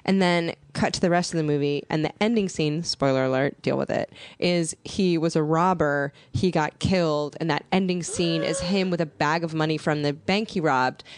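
A young woman in a casual chat, playful, jokey and expressive. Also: low-pitched, normal speed, hardly any pauses, smooth, no room sound.

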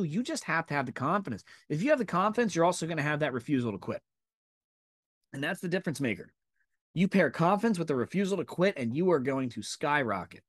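A man's voice: a little high, very animated, fast talker, dry recording, clean studio sound. A man in his thirties hosting a podcast, giving an intense, profane and emphatic motivational monologue. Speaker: podcast host.

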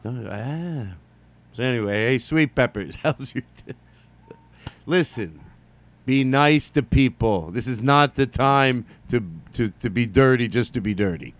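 A man's voice: medium pitch, animated, a little slow. Rambling joking male comedy podcaster. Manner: rambling, self-interrupting, jokey asides and mock voices. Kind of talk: rambling solo comedy monologue.

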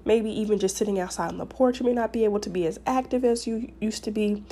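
A woman's voice: mid-range voice, fast talker, dark tone. A woman hosting a podcast, giving casual advice in a chatty, rambling way with many fillers and restarts. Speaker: podcast host.

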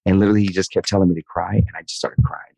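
Earnest deep-voiced man opening up. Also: fairly even intonation, very fast, creaky, warm tone, slight background noise, rough recording. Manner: earnest, repeats words, says man and dude. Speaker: podcast guest. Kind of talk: candid interview talk.

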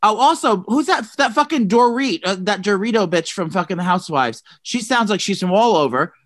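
A man co-hosting a casual celebrity gossip podcast, animated and profane, breaking into mocking impressions. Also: high-pitched, brisk. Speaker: podcast co-host.

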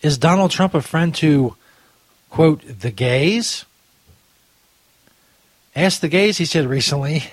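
A man's voice: on the high side, a little slow, no echo. A man hosting a podcast in a casual, rambling, crude style, often laughing at his own jokes. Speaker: podcast host. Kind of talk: casual commentary chat.

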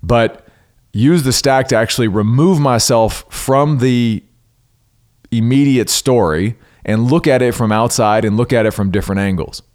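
A man's voice: mid-range voice, moderate pace, a little mellow. A man hosting a solo business podcast, talking earnestly and emphatically, with restarts and side remarks. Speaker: podcast host.

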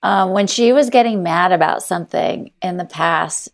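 A woman's voice: fairly low pitch, a little fast, creaky, few pauses. A woman guest in a casual podcast chat, teasing and wry.

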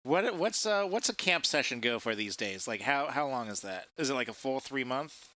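A man's voice: medium pitch, expressive, moderate pace, pushed and bright, dry recording. A man co-hosting a podcast in casual chat, often laughing and stammering through his questions. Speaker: podcast co-host.

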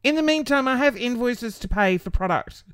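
A man's voice: very high-pitched, expressive, moderate pace, a bit bright, clean tone, no echo. A man venting in a casual vlog, exasperated and sweary, laughing through his frustration. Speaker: small business owner.

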